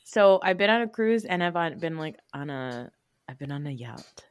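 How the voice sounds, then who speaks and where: A woman in her thirties co-hosting a podcast, chatty and quick to laugh as she tells stories. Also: low-pitched, expressive, clean tone. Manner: chatty, laughs often, storytelling. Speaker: podcast co-host. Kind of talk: casual chat.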